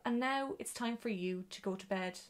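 A woman reading a storybook aloud and voicing a busy, kindly household cook who talks in a brisk, practical way. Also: on the high side, natural voice.

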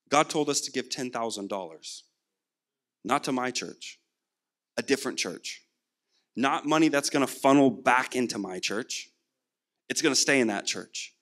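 A man's voice: mid-range voice, fairly bright tone. A young man preaching a sermon, telling a personal story and acting out the dialogue himself. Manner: storytelling, acts out quoted dialogue. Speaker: guest preacher.

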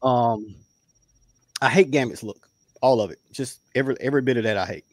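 A man's voice: mid-range voice, a little fast, no room sound. A man from the Southern United States, co-hosting a casual review chat and stressing his points with repeated words. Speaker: podcast co-host.

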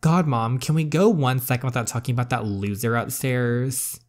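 A man's voice: mid-range voice, moderate pace, a little mellow, close to an everyday voice. A man reading the part of a spoiled, sarcastic teenage girl in a story game, with a snide, dismissive delivery. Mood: scornful.

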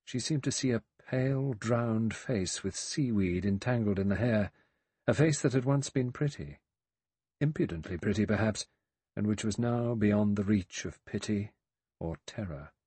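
A man over sixty narrating a mystery audiobook in a measured, even way. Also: on the low side, breathy edge, no echo. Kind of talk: scripted narration.

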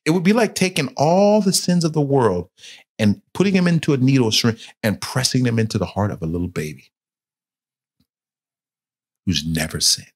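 A man teaching a church Bible study with a slightly husky, breathy tone. His delivery is highly animated, climbing into urgent shouts at the story's peak and sinking to quiet, grave phrasing. He stumbles and repeats words when groping for a thought. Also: moderate pace, pauses often. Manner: dramatic storytelling, rising to shouts and dropping to hushed tones.

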